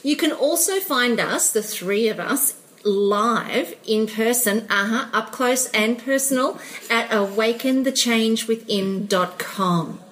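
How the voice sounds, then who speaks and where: A woman hosting a podcast, effusive and quick to laugh as she chats and wraps up the show. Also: fairly high pitch. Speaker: podcast host. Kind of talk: casual podcast chat and sign-off.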